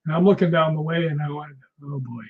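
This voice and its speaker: Lively man telling stories, dull lo-fi sound. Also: a little high, fast talker. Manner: animated storyteller, laughs often. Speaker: guest, film actor. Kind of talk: casual interview anecdotes.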